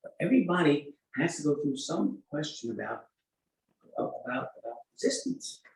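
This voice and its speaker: An older man, a rabbi teaching an informal Torah class, telling stories and acting out dialogue in an animated way. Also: a little high, moderate pace, gravelly. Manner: animated storytelling, acts out dialogue. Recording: echoey room, mic at a distance.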